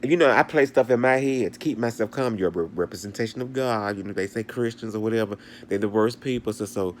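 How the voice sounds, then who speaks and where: A vlogger in his bedroom at home tells a story as an animated storytime rant, laughing a lot and retelling events dramatically. His voice is lowish and he talks fast, with slight background noise.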